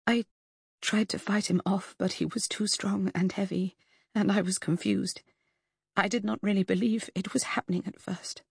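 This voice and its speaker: A woman reading an audiobook, voicing a shaken young Victorian woman who answers in halting, half-whispered replies. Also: medium pitch, fairly even intonation, vocal fry, husky, dry recording, clean studio sound. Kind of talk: audiobook character voice.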